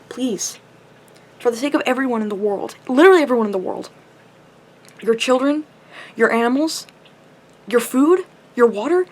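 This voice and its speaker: A high-voiced young woman, a vlogger, unloads a long, impassioned rant to her camera. She seems tired and up too late, and her frustration comes out through nonstop swearing.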